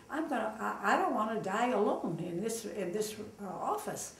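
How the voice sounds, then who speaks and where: An older woman from Los Angeles with a gravelly, fry-edged voice tells a story in a relaxed, chatty way, acting out what each person said. She sits back from the microphone in an echoey room, with faint noise behind her. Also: mid-range voice, moderate pace, far from the mic. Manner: lively, acts out quoted dialogue with fillers. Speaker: oral history interviewee. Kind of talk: casual storytelling.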